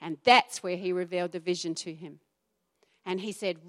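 With a lowish voice at normal speed, a middle-aged woman pastor delivers a sermon. She brings animated emphasis and performs the voices of those she quotes.

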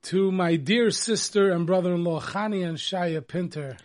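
A man hosting a radio talk show in casual chat, excitable and repeating words for emphasis. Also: high-pitched, moderate pace.

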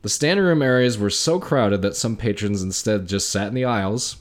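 A man's voice: lowish voice, fairly quick. A man co-hosting a casual podcast, reading history notes aloud with dry sarcastic asides. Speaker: podcast co-host. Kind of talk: casual conversational storytelling.

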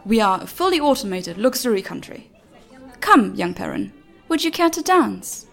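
A man's voice: high-pitched, very animated, normal speed, gravelly, pushed and bright, faint music behind, pitched above the performer's own voice, heavily acted. A man voicing a gushing, flamboyant female chancellor of a dragon people with a put-on German accent, formal and theatrical.

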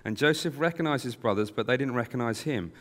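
A man reading scripture aloud in a plain, measured way, now and then correcting himself. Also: medium pitch. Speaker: scripture reader. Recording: long hall reverb.

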